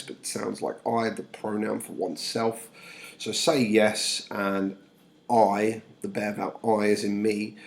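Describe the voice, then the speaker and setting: A male English teacher talks students through a play, putting the old lines into everyday language. His voice sits low and has a gravelly edge to it, and his delivery is relaxed and informal. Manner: casual, plain paraphrasing with fillers.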